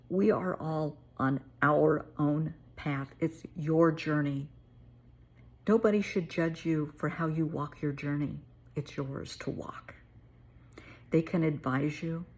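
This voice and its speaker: Woman, middle-aged, therapist, earnest advice, husky, low. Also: a little mellow. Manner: earnest, emotional, calls listener honey. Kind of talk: personal story and advice.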